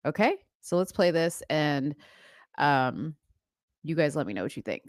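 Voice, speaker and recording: A woman's voice: sits low, animated, unhurried, a little mellow, no echo, studio quality. A woman co-hosting a casual political livestream, chatty and agreeable. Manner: chatty, agreeable, reads captions aloud. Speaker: co-host.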